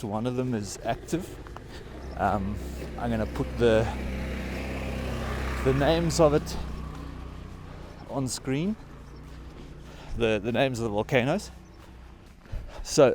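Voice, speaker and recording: Slightly mellow and mid-range, this South African man's voice carries over a little background noise as he hikes outdoors on a high mountain trail. The thirtysomething travel vlogger chats casually to camera, breathless, rambling, and full of fillers.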